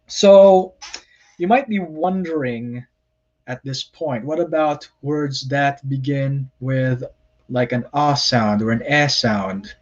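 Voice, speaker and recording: A man lectures on grammar at a slow, unhurried pace. He explains plainly and corrects himself often, with frequent ums. The recording sounds dull and lo-fi. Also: medium pitch. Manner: plain explanatory, many fillers and self-corrections. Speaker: Hebrew lecturer.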